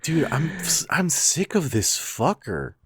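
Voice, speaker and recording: A man's voice: fairly high pitch, big pitch swings, slow pace, husky, dry recording, studio quality. Enthusiastic man co-hosting a podcast. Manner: enthusiastic, swears casually. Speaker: podcast co-host. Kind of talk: casual chat reviewing a chapter.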